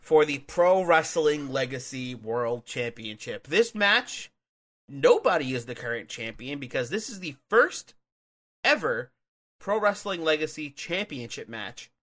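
Male podcast co-host, bright tone, rambling filler-heavy delivery. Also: a little high, sing-song, a little slow. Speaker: podcast co-host reviewing wrestling matches. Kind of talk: casual chat.

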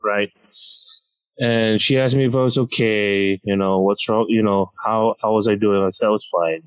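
A man casually telling a funny story on a podcast, lively and acting out the people in it. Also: moderate pace, smooth, low-quality recording. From Malaysia. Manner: animated, acts out quoted people with big pitch jumps.

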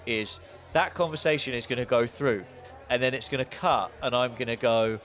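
A man's voice: mid-range voice, a bit bright. Southern english guy bantering on a podcast, jokey, does little voices for people. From south of England. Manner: joking, acts out characters in quick voices. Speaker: podcast co-host. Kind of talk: casual banter.

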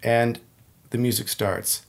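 A man's voice: medium pitch, slow, creaky. A man in casual conversation, telling his story with plenty of energy. He laughs often and slips into little impressions as he goes. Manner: animated storyteller who laughs often and acts out movie lines. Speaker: podcast guest. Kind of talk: casual chat.

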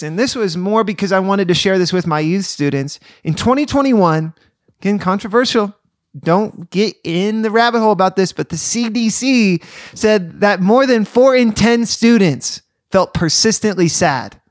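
Podcast co-host, male, bright high voice, earnest teaching tone, dry studio sound. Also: lively intonation, no echo. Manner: earnest, preacherly, reads scripture slowly. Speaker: podcast co-host and youth leader. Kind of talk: casual faith podcast chat with scripture reading.

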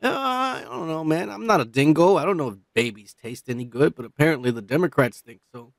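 A podcast host, a man who is high, rambling loosely in casual chat and swearing a lot. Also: lively intonation, brisk, vocal fry, dry recording. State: high on cannabis.

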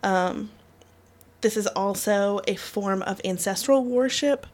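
A podcast co-host explains folklore in casual chat, filling her speech with ums and likes. Her mid-range voice is slow-paced and darkish in tone.

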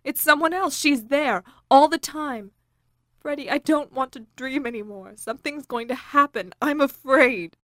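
A woman's voice: high voice, moderate pace, no echo, clean studio sound, lightly acted. A young woman playing an anxious wife haunted by nightmares in a radio drama, narrating and speaking with earnest urgency. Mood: distressed. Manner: earnest, rising to panic.

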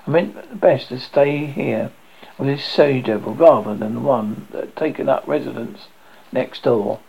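A man's voice: medium pitch, normal speed, vocal fry, slightly rough, lo-fi sound. A man narrating his memoir aloud in a wry, self-mocking way. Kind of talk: memoir reading.

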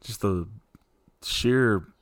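A man's voice: fairly low pitch, very slow, no echo, studio quality. A man hosting a casual podcast, talking in an easygoing, rambling way with lots of fillers. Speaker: podcast host.

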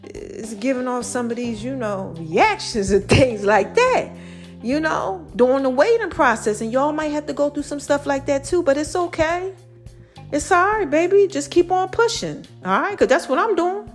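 Animated woman hosting a faith podcast. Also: high voice, normal speed, faint music behind. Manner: preachy, playful, animated with slang. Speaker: podcast host. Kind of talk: casual motivational podcast talk.

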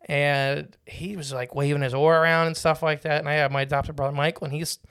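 A man telling a fishing anecdote in a halting, casual way, stopping and restarting as he goes. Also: on the high side, level tone, a bit bright, smooth. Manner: loose, halting storytelling with restarts. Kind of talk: casual chat.

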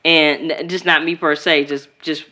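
A woman from Chicago co-hosting a podcast in casual chat, animated and profane, acting out quoted voices. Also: low voice, normal speed. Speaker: podcast co-host.

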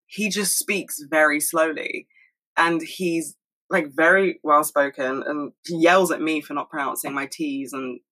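Young woman rambling fast at home, cusses a lot, bright sharp voice. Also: low voice, fairly even intonation, rough recording. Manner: fast-talking, rambling, swears freely. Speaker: solo podcast host. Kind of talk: casual monologue.

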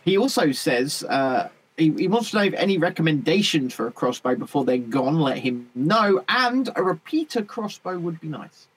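High-voiced man in casual chat. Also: sing-song, moderate pace, few pauses, slightly rough, rough recording. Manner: jokey, swearing, mocking impressions. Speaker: podcast co-host reading chat.

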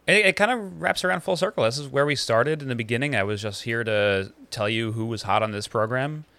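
Brief: goofy male co-host, 20s, gravelly with a sharp edge, dry close mic. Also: medium pitch, brisk. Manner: goofy, laughing, deadpan bits. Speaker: podcast co-host. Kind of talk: casual podcast chat.

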